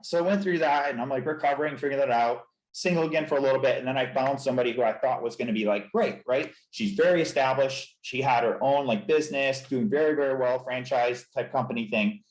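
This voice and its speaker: In this candid podcast interview, a chiropractor shares his story earnestly, reflectively, and with emotion. He has a mid-range voice and talks quickly with few pauses, while the room adds a noticeable echo.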